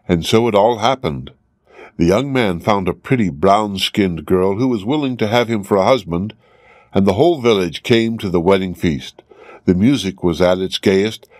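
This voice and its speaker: A man narrates a fairy tale for English learners in a clear, measured reading. His voice sits fairly low, and the recording is close and dry with no room sound. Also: lively intonation, no echo. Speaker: storyteller.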